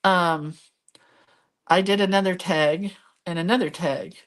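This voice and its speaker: A woman's voice: fairly low pitch, steady tone, unhurried. Chatty woman hosting a live craft stream. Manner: chatty, rambling, reads viewer comments aloud. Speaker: craft video host. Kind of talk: casual live crafting chat.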